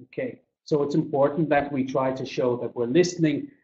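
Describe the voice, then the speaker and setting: A man's voice: mid-range voice, dark tone. Man teaching in a lo-fi webinar. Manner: explains slowly with many examples, acts out intonation. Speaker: business English trainer. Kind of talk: webinar lecture. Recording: dull lo-fi echoey webinar audio.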